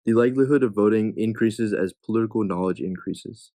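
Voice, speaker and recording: A man's voice: lowish voice, a little fast, dark tone, no room sound. A young man tutoring test questions in a casual way, reading each answer choice and thinking aloud as he rules it in or out.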